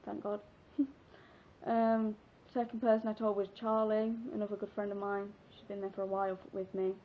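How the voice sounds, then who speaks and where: A woman's voice: medium pitch, monotone, normal speed, a little hiss or hum. A sixteen-year-old girl from England telling a personal story in a casual, chatty, giggly vlog, rambling with fillers. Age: teens. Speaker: vlogger. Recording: dull lo-fi webcam audio.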